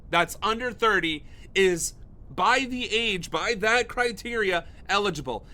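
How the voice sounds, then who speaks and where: A man's voice: high-pitched, sharp tone. A man from the United States hosting a livestream, ranting in profane, sarcastic political commentary. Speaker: political streamer and host.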